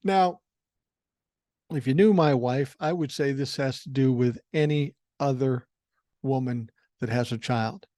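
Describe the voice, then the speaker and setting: Swearing, bluntly and with dry wit, a podcast host in his sixties from Minnesota shares stories about his family. He speaks at medium pitch with a dark tone, and the podcast-mic recording is dry, clean studio sound.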